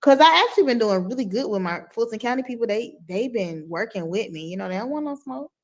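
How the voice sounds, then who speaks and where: A woman's voice: fairly high pitch, lively intonation, fast. Playful slangy woman lawyer. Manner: slangy, playful, drops to a whisper for gossip. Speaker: attorney co-host. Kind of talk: casual podcast chat.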